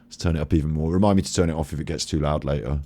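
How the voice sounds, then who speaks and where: A man's voice: rumbling low, very fast, warm tone. A man streaming casual commentary over a video clip, chatty, laughing and swearing.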